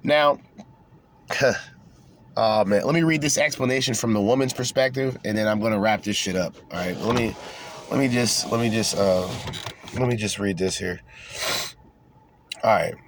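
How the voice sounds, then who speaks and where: A man's voice: lowish voice, moderate pace, pauses often, slight background noise. A young man hosting a podcast, reading articles aloud and breaking off into sarcastic, profane commentary. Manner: sarcastic, profane, mocking asides. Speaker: podcast host. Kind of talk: casual unscripted rant reading articles aloud.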